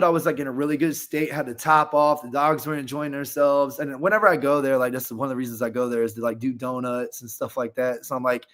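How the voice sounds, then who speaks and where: A man's voice: a little high, fairly bright tone. Rambling man telling a story. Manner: rambling, filler-heavy, candid. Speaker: podcast guest. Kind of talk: casual storytelling.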